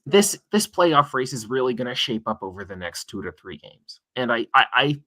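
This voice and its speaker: Bright-voiced analytical man. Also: medium pitch, big pitch swings, moderate pace. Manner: hesitant starts, then analytical. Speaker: co-host. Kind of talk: casual sports talk stream.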